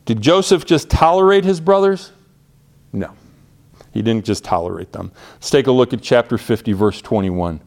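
Delivering a sermon at a moderate pace, this pastor speaks at medium pitch in an animated, creaky, slightly mellow voice. His preaching is earnest and conversational, with phrases often begun again.

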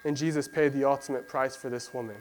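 Male preacher, mid-pitched, casual storytelling sermon, light hum under the voice. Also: fairly even intonation, quick pace, rough recording. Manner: conversational storytelling with fillers, acts out voices of biblical figures.

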